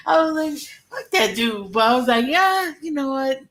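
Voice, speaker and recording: A woman's voice: high voice, lively intonation, normal speed, few pauses, a bit bright. Frank, laughing co-host woman. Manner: frank, laughs often, swears while telling stories. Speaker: co-host and mother. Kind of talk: casual commentary chat.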